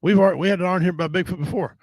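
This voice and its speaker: A man's voice: high-pitched, fairly even intonation, very fast, dry recording, poor audio. A middle-aged man hosting a casual podcast chat, talking in a blunt, rambling, folksy way with casual swearing. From Native American.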